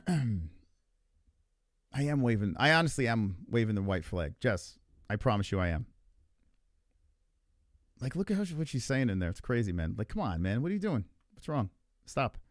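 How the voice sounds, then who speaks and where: A man talks through a livestream in casual, argumentative chat, his pitch swinging up and down a lot. He rambles, swears freely and leans on filler words. His voice is dry and close, with no room sound. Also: sing-song, normal speed, long pauses, no room sound. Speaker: livestream host.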